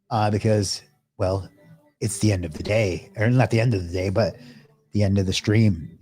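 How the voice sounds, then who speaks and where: A man's voice: fairly low pitch, unhurried, pauses often, darkish tone, slightly rough. A man hosting a live stream, chatting casually with viewers, thanking them and asking them to subscribe.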